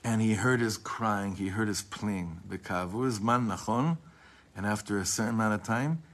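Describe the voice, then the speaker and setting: A man's voice: fairly low pitch, a bit bright. Man teaching, emotional storyteller. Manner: reads passages slowly, then retells them with rising emotion; frequent restarts and casual asides. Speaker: teacher of a class. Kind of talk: storytelling lesson.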